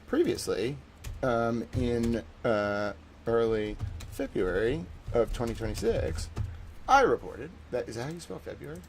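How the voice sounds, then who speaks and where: A man's voice: mid-range voice, lively intonation, a little slow, a little hiss or hum. Rambling, profane male livestream host. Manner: rambling, digressive, swings between loud outbursts and muttered asides; profane, sarcastic. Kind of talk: casual livestream commentary.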